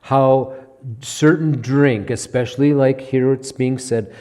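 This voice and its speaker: A man's voice: medium pitch, fairly even intonation, slow pace, warm tone. A man preaching as a pastor in a church, teaching verse by verse in a conversational way and often checking in with "okay?".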